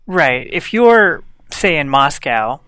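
A man co-hosting a podcast, adding brief, measured comments in casual conversation. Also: fairly high pitch, sing-song, bright, forceful tone, dry recording. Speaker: podcast co-host. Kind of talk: casual chat.

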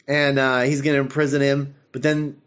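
A man hosting a podcast, retelling an episode in casual chat, animated and full of fillers and laughter. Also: medium pitch, normal speed, clean tone. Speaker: podcast host.

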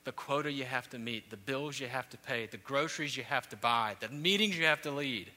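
A man in his thirties preaching a sermon, telling stories with rising, animated peaks. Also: mid-range voice, brisk, few pauses, a little hiss or hum. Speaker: pastor. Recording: long hall reverb.

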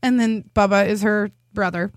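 A woman's voice: medium pitch, fairly even intonation, dry recording, clean studio sound. A woman co-hosting a podcast, telling stories in casual chat and laughing often. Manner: giggly, quick storytelling. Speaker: podcast co-host.

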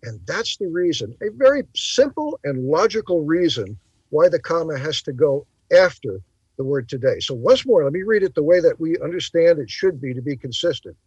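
A man hosting a bible talk show, explaining in a teacherly way and pausing to stress his points. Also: fairly high pitch, big pitch swings, darkish tone, slightly rough, no room sound, muffled recording. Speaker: podcast host.

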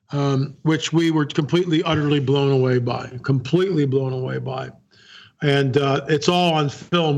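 A man, a guest filmmaker, telling a story in an interview, earnest and repeating key phrases. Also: fairly high pitch. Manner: earnest, repeats phrases, acts out quoted dialogue.

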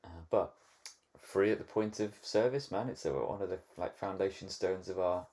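A man's voice: deep voice, moderate pace, mellow. A British man co-hosting a podcast in casual chat, bantering and joking often. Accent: British English. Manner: jokey, banters and laughs often. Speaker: podcast co-host.

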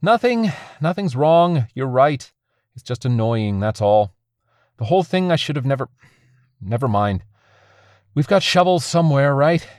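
A woman's voice: extremely low pitch, big pitch swings, a little slow, darkish tone, no room sound, studio quality, voice pushed up, full character voice. A man voicing an anxious, stubborn young woman who runs a freight train, talking in a tense, defensive, pleading way.

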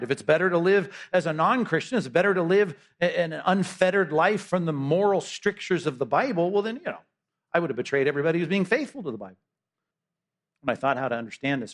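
A pastor preaches in an easy, conversational way. His voice sits a little high for a man. He leans on rhetorical asides to keep the congregation with him. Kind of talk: sermon.

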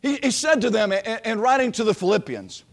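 A man preaching a sermon, swinging from loud proclamation to a hushed near-whisper and drawing out his words with emphasis. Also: sits high, expressive, gravelly. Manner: slow, emphatic delivery with repeated words.

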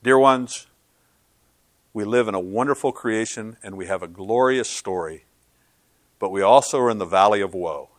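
A man preaching a sermon as pastor, earnest and swinging from loud to hushed. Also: fairly low pitch, normal speed, pauses often, dry recording.

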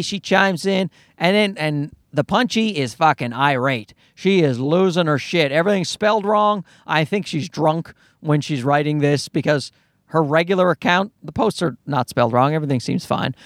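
Sitting in his car in a parking garage, a high-voiced man tells a story as a profane, rambling rant into a microphone, animated and cutting himself off mid-thought. The sound is studio grade, with no room noise.

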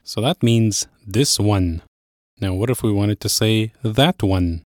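Male lesson host, low-ish voice, dry studio read, patient and clear. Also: dry recording. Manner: clear, steady explaining, slows on key phrases. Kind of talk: language lesson presenting.

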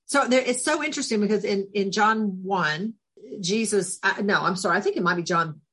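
Husky, spunky talkative woman. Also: mid-range voice, fairly quick. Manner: laughs often, animated storytelling. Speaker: podcast guest. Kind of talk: casual interview chat.

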